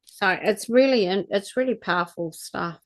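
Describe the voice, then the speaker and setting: A woman's voice: medium pitch, measured pace. A middle-aged woman, giving an earnest, rambling spiritual talk and guided activation as a channeller. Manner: earnest, rambling, restarts mid-thought.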